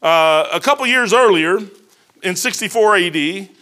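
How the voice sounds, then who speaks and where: A middle-aged man preaching a sermon in a folksy storytelling way, swinging between loud emphatic bursts and quieter asides. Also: high voice, expressive, moderate pace. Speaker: pastor.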